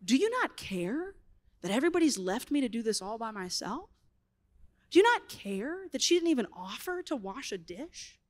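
An exasperated grown woman pleads with sass and hurt, as a woman puts her on. The voice stays the speaker's own high register, with an aggrieved edge. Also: big pitch swings, normal speed. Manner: sassy, aggrieved.

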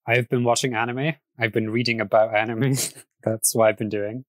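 A man hosting a casual podcast, chatty and quick to laugh, often restarting his sentences. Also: mid-range voice, little pitch movement, dry recording. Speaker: podcast host.

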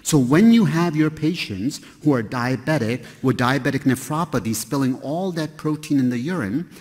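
A male nephrologist lectures a roomful of people in a chatty, joking way, often asking rhetorical questions. His voice is husky, mid-pitched, and rings with the long reverb of a big lecture hall. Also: lively intonation, normal speed, darkish tone. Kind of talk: conference lecture to a live audience. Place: large hall with an audience.

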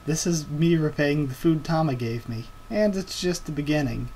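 A man voicing a brash young male pirate captain as he reads a comic aloud, with energetic declarations in a plain reading voice. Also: a little high, normal speed, slight background noise, lightly acted, rough recording. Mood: bold.

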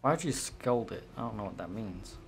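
A man's voice: on the low side, lively intonation, normal speed, creaky. A man giving casual commentary while playing a video game, swearing often and laughing at his own mistakes. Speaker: gameplay streamer. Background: game music.

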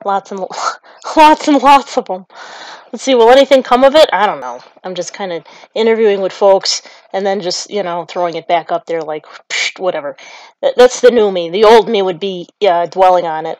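A woman's voice: medium pitch, normal speed, darkish tone, no room sound. A woman delivering a rambling, self-mocking comic monologue with stop-and-start phrasing. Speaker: comedian.

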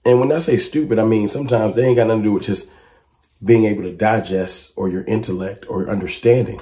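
A man talking straight to camera as a sports fan commentator, with a low, dark tone. He presses his points emphatically and keeps firing rhetorical questions at his listeners. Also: fast. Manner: rises to excited high-pitched exclamations when reacting to clips.

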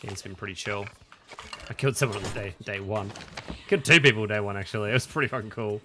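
A man's voice: fairly low pitch, fast talker, sharp tone, slight background noise. A young man streaming a game, chatting casually and joking to himself and his crew as he plays. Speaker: gaming streamer. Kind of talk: casual gameplay commentary.

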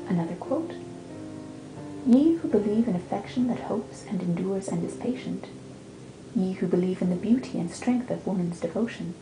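A woman talks about books and then recites poetry in a measured, lilting cadence. Her voice has a gravelly, creaky edge. The room sounds roomy, and music plays clearly under her. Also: medium pitch. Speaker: book reviewer reading poetry aloud. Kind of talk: book talk with poetry readings.

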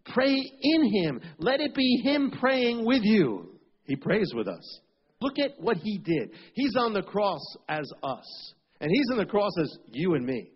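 Fervent man preaching, husky and high. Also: lo-fi sound. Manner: fervent, repetitive cadences, prays aloud in first person. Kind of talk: sermon.

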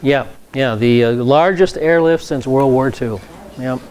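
A man's voice: medium pitch, a little slow, a little mellow, slight background noise. A man, a pastor, teaching a Bible class in a conversational lecture style, with frequent fillers and repeated words.

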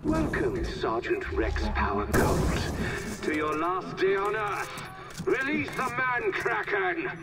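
A man voicing a cruel, ranting villain commander in a video game, theatrical and snarling, over loud game music. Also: high voice, very animated, takes it slowly, full character voice. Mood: gloating.

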